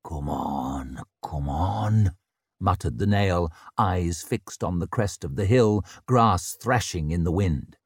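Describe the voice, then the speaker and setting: A man's voice: low-pitched, unhurried, hardly any pauses, dry recording, clean studio sound. A man doing an impatient muttering warrior. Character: eager young male warrior muttering impatiently.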